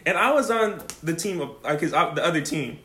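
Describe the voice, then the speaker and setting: A man's voice: on the high side, lively intonation, fairly quick, bright, forceful tone. A young man telling a rambling, profane story in casual chat, laughing often and saying "like" a lot. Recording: echoey room.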